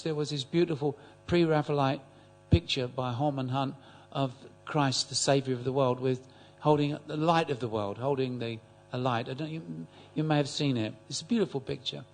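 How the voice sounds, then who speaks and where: An older man telling a story in a group class, halting and repeating words as he speaks. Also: mid-range voice. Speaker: class attendee.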